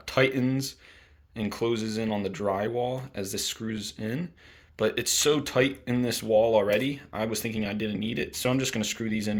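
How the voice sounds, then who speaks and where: Low-ish voiced young guy doing a diy how-to, relaxed, lots of ums. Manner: relaxed, thinking aloud with fillers. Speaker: DIY video host. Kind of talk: casual how-to narration. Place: indoors in a home bathroom.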